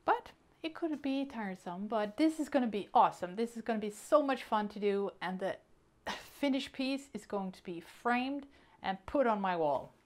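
A woman hosting a casual unboxing vlog, chatty and excitable, counting items aloud as she goes. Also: fairly high pitch, normal speed. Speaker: hobby vlogger.

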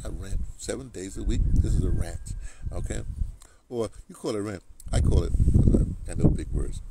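A man's voice: lowish voice, normal speed, vocal fry, heavy background noise. A man delivering a rambling political rant, repeating words and restarting often. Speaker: political commentator. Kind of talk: ranting monologue.

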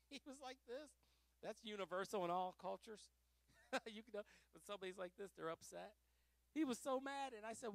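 This high-pitched, gravelly man is a pastor teaching Pentecostal Bible study, speaking a little fast on a dry recording. He is fervent and lively, frequently laughing as he swings from booming exhortation to soft side remarks.

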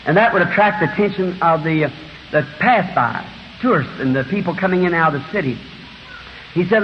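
A preacher in his fifties with a high, ringing voice, swinging between hushed storytelling and sudden shouts. The recording is dull and old, with a long reverb from the big hall and a faint hiss underneath. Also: expressive, fairly quick. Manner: dramatic, swings from hushed to shouting while acting out Bible scenes. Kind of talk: fiery revival sermon. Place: large church auditorium.

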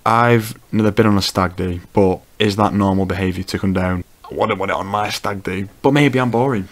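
This man has a very low, deep voice. He delivers a casual comedic commentary as a YouTuber, talking wryly and teasing as he goes. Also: a little fast. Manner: wry, teasing remarks.

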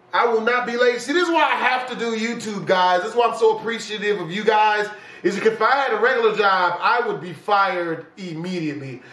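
A young man commenting on a horror game he is playing, brash and full of slang, often breaking into yelling. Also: sits high, reverberant, recorded from a distance, poor audio. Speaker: gaming YouTuber.

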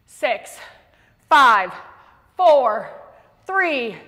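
A woman fitness instructor leading a workout class, out of breath and slightly hoarse, counting reps aloud between heavy exhales. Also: high-pitched, very animated, very slow, pushed and bright. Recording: long reverb in a big room.

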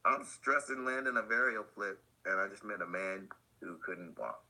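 A man guesting on a skate podcast, telling a story in animated, slangy casual talk and acting out the other people's voices. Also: moderate pace, rough recording. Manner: acts out quoted voices, swinging high and low; laid-back slangy talk with laughs.

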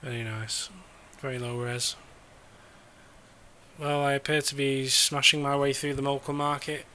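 Exasperated man with a bright voice. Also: medium pitch, little pitch movement, unhurried. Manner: sarcastic, swearing, exasperated. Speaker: gamer. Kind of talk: exasperated gameplay commentary.

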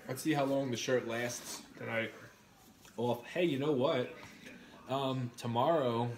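A man's voice: mid-range voice, steady tone, unhurried, slight background noise. A young man hosting a casual live stream, eating while he reads out viewer comments and answers them in a chatty, blunt way. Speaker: livestream host.

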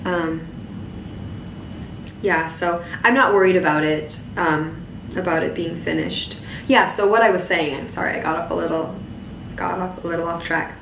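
A woman hosting a podcast, chatting casually in a hoarse voice, rambling with many fillers and restarts. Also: fairly low pitch, fairly even intonation, normal speed, a bit bright. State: hoarse from losing her voice. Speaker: podcast host. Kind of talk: casual chat. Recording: echoey room, voice a bit distant, faint noise.

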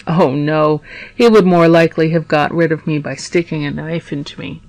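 A woman's voice: low-pitched, steady tone, normal speed, darkish tone, no room sound, rough recording. A woman reading the part of a wronged young male prisoner who answers questions earnestly and eagerly.

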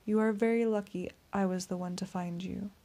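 A woman voicing a suave male vampire in an audiobook, speaking in a soft, courteous, menacing purr. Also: medium pitch, fairly even intonation, fairly quick, natural voice. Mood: silky menace. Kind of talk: audiobook character reading.

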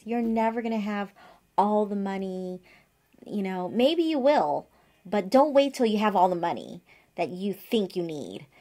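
A woman's voice: medium pitch, mellow. A woman in her forties, an acupuncturist, telling a rambling personal story to camera from her office with lots of fillers and asides. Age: 40s. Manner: chatty, digressive storytelling with many fillers. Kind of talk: casual advice monologue to camera.

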